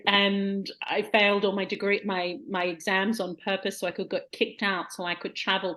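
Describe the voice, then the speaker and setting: A woman in her forties with an Australian accent talks about herself in an unhurried podcast conversation. Her voice sits slightly low, and she laughs easily and circles back over her words. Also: fairly bright tone. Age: 40s. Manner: reflective, laughs easily, trailing restarts. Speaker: guest poet. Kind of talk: casual chat.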